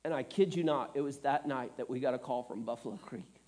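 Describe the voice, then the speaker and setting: A man's voice: mid-range voice, a little fast, dark tone. A middle-aged man preaching a sermon, telling stories earnestly with self-deprecating humor, choked up and tearful. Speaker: pastor.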